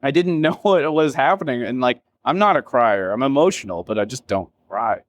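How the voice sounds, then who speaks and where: This founder, a male interview guest, has a mid-range voice and sounds animated, talking at normal speed with no echo. He rambles emotionally through candid reflections, leaning on fillers and self-quotes and swearing casually.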